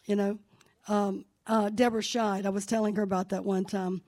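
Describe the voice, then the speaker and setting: A woman with a mid-range, slightly mellow voice and flat delivery speaks at normal speed as she leads a church service in a sanctuary. Her sermon is conversational testimony, chatty stories of family news that rise into fervent prayer.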